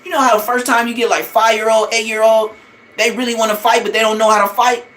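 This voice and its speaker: A man hosting a livestream, giving blunt, profane, trash-talking commentary in an excitable way. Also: sits high, quick pace. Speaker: livestream host.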